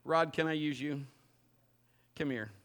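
A man preaching a sermon from a church stage, telling a teasing, animated story and joking with the people he calls up. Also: fairly high pitch, measured pace. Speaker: pastor. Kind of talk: sermon with a live demonstration. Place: church stage before a congregation.

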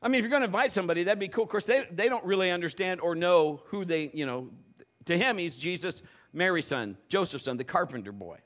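A middle-aged man, a pastor, preaching a conversational sermon and telling stories in an animated way. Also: high voice, fast. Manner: animated, conversational, acts out quoted voices. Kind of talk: storytelling sermon.

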